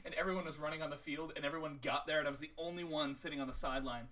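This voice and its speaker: A man's voice: a little high, fairly even intonation, very fast, sharp tone. A teenage boy, a podcast co-host, telling a story in casual chat and laughing often. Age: teens. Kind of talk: casual chat among friends.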